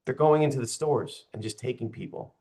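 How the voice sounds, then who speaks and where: A man's voice: medium pitch, a little fast, dark tone. A young man, a political candidate, speaking passionately and with open frustration to a group, addressing the audience directly. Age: young adult. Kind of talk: campaign speech to a group.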